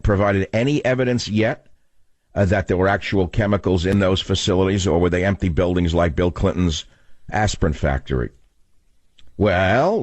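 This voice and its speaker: A man's voice: lowish voice, dry recording. An older man hosting a political talk radio show, lecturing his listeners in a combative, emphatic monologue.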